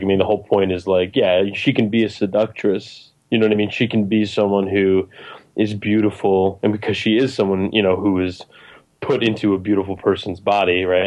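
A young man with a lowish voice talks through a film in loose, animated conversation. He stumbles, restarts and piles on fillers as his excitement builds. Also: low-quality recording. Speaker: podcast co-host discussing a film. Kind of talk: casual chat.

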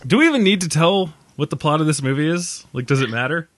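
A man's voice: fairly high pitch, animated, fast, background noise. A tired man co-hosting a casual movie podcast, rambling and joking, laughing often. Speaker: podcast co-host.

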